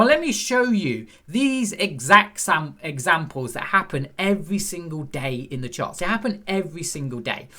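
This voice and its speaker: A man's voice: a little high, bright, forceful tone. A man teaching forex trading over a chart, talking conversationally and quizzing the viewer. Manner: conversational, asks the viewer questions; acts out a frustrated trader's inner voice. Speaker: trading instructor. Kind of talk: screen-share chart lesson.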